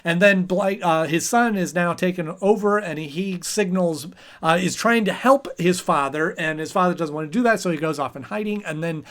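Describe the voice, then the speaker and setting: A high-pitched man at normal speed hosts his channel, casually reviewing an episode. His talk is chatty and rambling, with many fillers and brief bits of acting out characters.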